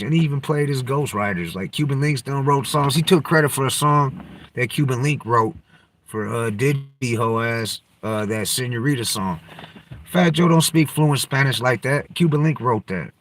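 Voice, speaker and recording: A podcast host with a medium-pitched, slightly bright voice chats casually and rambles, using slang and profanity while jumping between topics.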